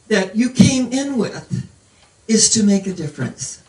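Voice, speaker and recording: A woman's voice: mid-range voice, big pitch swings, a little slow, dark tone. Woman in her 70s preaching, rambly storyteller, sounds far off in an echoey room. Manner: meandering storytelling. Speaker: minister. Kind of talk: sermon.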